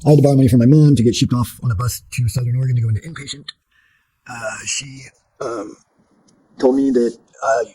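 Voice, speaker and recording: A man's voice: mid-range voice, fairly even intonation, fast talker, mellow, breathy edge, rough recording. A man telling his life story in an interview, blunt and profane, rambling with fillers and restarted sentences. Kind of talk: candid personal storytelling.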